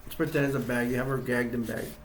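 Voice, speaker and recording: A man's voice: medium pitch, fairly even intonation, quick pace, reverberant, slight background noise. A man casually retelling a horror film scene by scene, rambling with restarts and acting out quotes in a raised voice. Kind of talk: casual acted-out retelling with toys.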